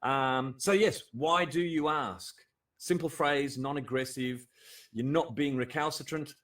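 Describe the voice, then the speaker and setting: An Australian man hosting a casual livestream chat, blunt and animated, swearing freely and laughing often. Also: medium pitch, measured pace, distant mic. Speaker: livestream host.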